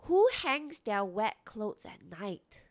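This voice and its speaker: A young woman streamer chatting casually with her viewers, reacting loudly and animatedly to chat comments. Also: medium pitch, big pitch swings, slow.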